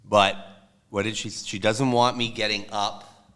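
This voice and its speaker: Brief: man, low and bright, casual rambling podcast co-host. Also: little pitch movement, measured pace. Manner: rambling, self-deprecating storyteller. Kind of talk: casual chat.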